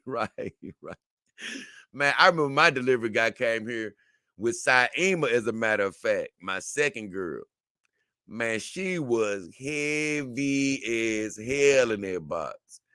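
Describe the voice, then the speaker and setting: A man chats casually to his livestream viewers, reading their comments aloud and riffing on them. His voice is bright and punchy, in a mid register. The sound is dry and close, with no room around it. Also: medium pitch, dry recording. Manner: loose, animated and repetitive, with slang and frequent "man" and "brother".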